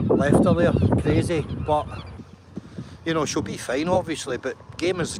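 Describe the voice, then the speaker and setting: Walking and talking to the camera, a man vlogs in a fairly high-pitched, unhurried voice over heavy background noise. He's chatty and enthusiastic, often checking in with a "right?"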